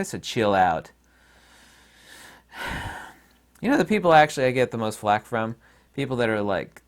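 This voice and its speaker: Man, channel host, rambling monologue, folksy, opinionated, animated pitch.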